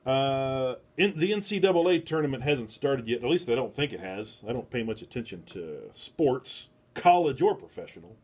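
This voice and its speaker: A man's voice: mid-range voice, sing-song, normal speed, few pauses, husky. A man hosts a casual book club livestream from his home, speaking into his phone. He meanders between topics with self-deprecating asides. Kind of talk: rambling casual livestream talk. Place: home, talking to a phone camera.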